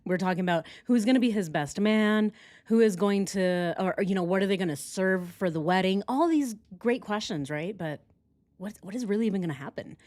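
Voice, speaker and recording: A woman hosting a casual true crime livestream, reacting with animated, sarcastic commentary and frequent laughter. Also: medium pitch, fairly quick.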